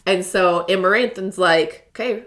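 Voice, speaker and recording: A woman's voice: medium pitch, moderate pace, a bit bright. A woman co-hosting a casual book-recap podcast, retelling the plot with quoted asides. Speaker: podcast co-host.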